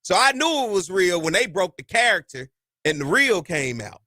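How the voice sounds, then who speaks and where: A man's voice: sits high, normal speed, dry recording, studio quality. A man hosting a sports talk podcast, talking casually and with fire, in folksy slang. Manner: animated, preachy, folksy slang. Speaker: podcast host.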